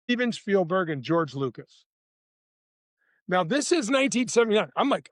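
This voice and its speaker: High-voiced older man telling stories. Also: moderate pace, long pauses, no echo, clean studio sound. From St. Louis, USA. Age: 60s. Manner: lively, slangy, addresses the host directly. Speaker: podcast guest, former tour golfer. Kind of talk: casual anecdotal storytelling.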